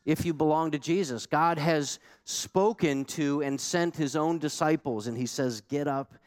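A man's voice: on the high side, unhurried. A man preaching a sermon as pastor, emphatic and conversational, with many rhetorical questions to the congregation.

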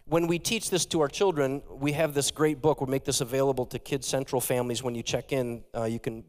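A man preaching a sermon as a pastor, animated and talking straight to his congregation. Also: mid-range voice, a little fast. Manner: animated, engages the congregation directly. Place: church sanctuary. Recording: long hall reverb.

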